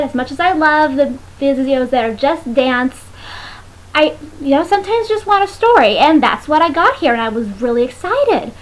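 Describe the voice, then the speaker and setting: A young woman with a bright, high voice, chatting her way through a music video review. She is playful and animated, tossing in jokey asides as she goes, in the easy manner of a home video. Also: rough recording. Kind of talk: casual vlog commentary.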